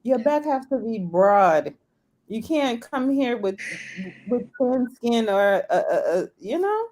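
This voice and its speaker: A woman's voice: on the high side, very animated, takes it slowly, darkish tone. A woman, talking emphatically in a casual group chat. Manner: emphatic, backchannels a lot. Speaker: co-host.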